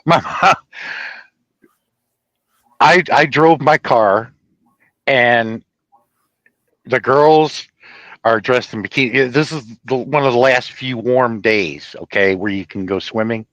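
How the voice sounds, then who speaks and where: A man telling a personal story in a rambling, profane, animated way, laughing at his own tale. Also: mid-range voice, slow, pauses often, dry recording, low-quality recording.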